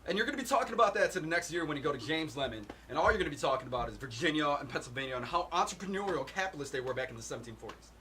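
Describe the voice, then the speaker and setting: A man reciting a film monologue as a sharp young working-class man who quietly and condescendingly takes a grad student apart. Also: fairly high pitch, animated, very fast, hardly any pauses, slight background noise. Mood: cutting. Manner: quiet, cutting, condescending put-down.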